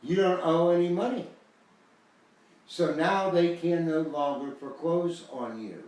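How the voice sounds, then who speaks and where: A man's voice: fairly high pitch, a little slow, a little mellow, recorded from a distance. An older American man talks in a loose, folksy way, leaning hard on key words as he rambles. His voice bounces around a very echoey room. The mic sits well away from him. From United States. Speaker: host selling a foreclosure guide. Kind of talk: casual promotional talk.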